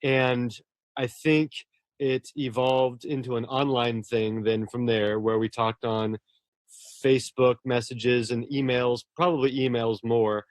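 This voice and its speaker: Earnest guy gushing in an interview, restarts a lot, mid pitch, dry sound. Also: flat delivery, measured pace, no room sound. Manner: earnest, effusive, repeats and restarts words. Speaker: horror novelist, guest. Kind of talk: casual interview conversation.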